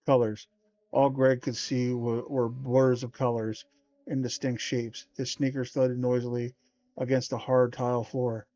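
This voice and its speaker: Streamer, man, reading a spooky children's book aloud; even, flat delivery, dry close sound. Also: medium pitch, measured pace, no room sound. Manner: steady read-aloud with small stumbles and slangy asides. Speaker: livestream host. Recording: dull lo-fi stream audio.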